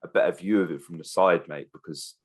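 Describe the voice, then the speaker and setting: Deep-voiced, chummy male podcast host. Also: fairly quick. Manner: enthusiastic, chummy, says mate and bro. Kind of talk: casual football podcast chat.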